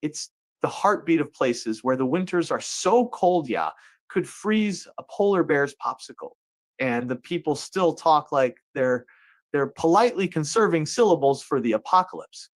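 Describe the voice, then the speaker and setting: A man's voice: fairly high pitch, expressive, normal speed. A man hosting a comedic monologue show, joking around and putting on folksy voices. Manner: jokey, playful asides and put-on folksy voices. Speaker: host.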